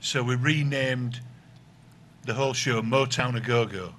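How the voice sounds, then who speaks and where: A man's voice: medium pitch, measured pace, fairly bright tone, slight background noise. Easygoing man. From north of England. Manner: easygoing, explains at length. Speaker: guest, record collector. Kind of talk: conversational interview.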